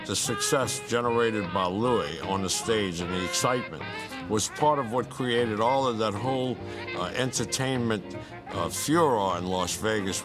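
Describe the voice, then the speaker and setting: Low-voiced man reminiscing. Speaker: documentary interviewee. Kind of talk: reminiscing interview.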